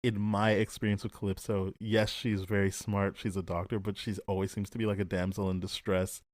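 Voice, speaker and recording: A man co-hosting a film podcast in casual chat, animated and acting out quoted lines. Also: fairly low pitch, brisk, no room sound, clean studio sound. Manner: animated, acts out quoted lines, chuckles often. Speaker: podcast co-host.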